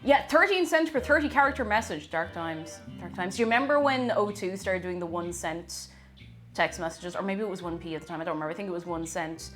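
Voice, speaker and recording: A young Irish woman streams live while baking, chatting casually with viewers, reading their messages aloud and thanking them. Her voice is lowish, animated and fairly quick, with faint music playing in the background.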